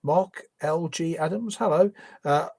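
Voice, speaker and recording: A man's voice: on the high side, measured pace, vocal fry, a little mellow. A man hosting a live stream, reading viewer questions and answering with opinionated, conversational commentary full of ums and restarts. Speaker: livestream host.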